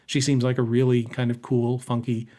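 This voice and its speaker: A man co-hosting a casual podcast, talking in an animated, joking way. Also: medium pitch. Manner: animated, joking, quick to riff. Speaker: podcast co-host. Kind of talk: casual chat.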